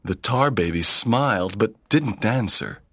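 A man's voice: lowish voice, animated, unhurried, a bit bright, breathy edge, dry recording, clean studio sound. A man reading a children's story aloud in plain, simple sentences. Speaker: narrator. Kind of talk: slow read-aloud storytelling.

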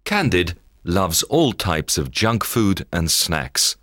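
Man, storybook narrator, very low voice, slow measured reading, dry studio sound. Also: no echo. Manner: expressive, measured read-aloud delivery.

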